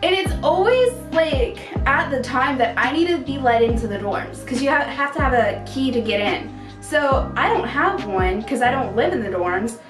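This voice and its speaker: A woman's voice: high voice, lively intonation, moderate pace. Chatty young woman, distant and roomy. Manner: chatty, lots of "like". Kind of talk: casual talk about her boyfriend. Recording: roomy, distant, music behind.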